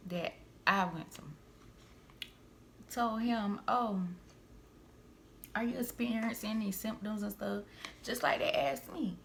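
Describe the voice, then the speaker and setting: A young woman vlogger and single mother, venting a family story to her viewers in a heated, animated way with frequent asides. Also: mid-range voice, gravelly, a little hiss or hum. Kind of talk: storytime vlog, venting to camera.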